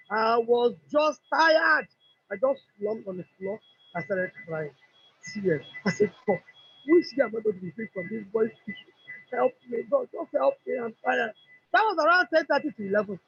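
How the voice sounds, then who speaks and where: A woman's voice: a little high, husky. A middle-aged woman with a Nigerian English accent, telling an emotional personal testimony and acting out what others said. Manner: animated storyteller who acts out dialogue. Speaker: customer giving a product testimony. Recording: dull lo-fi recording.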